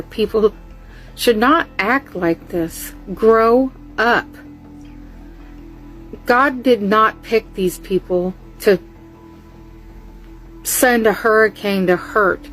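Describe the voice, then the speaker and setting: A woman's voice: medium pitch, slow, pauses often, a bit bright, soft background music, low-quality recording. A woman scolding people for their behavior in a reaction video, with a disgusted manner.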